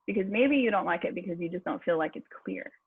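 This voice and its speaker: Husky woman voice coach on a video call, upbeat, encouraging, tinny phone-ish sound. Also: fairly low pitch, fast, no echo. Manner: upbeat and encouraging, laughs often. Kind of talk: online speaking workshop.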